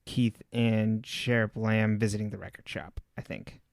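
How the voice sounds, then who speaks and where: A man's voice: lowish voice, fairly even intonation, unhurried, creaky, no echo, clean studio sound. A man from Southern California co-hosting a podcast, recapping a TV episode in casual chat with rambling anecdotes and frequent laughter. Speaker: podcast co-host.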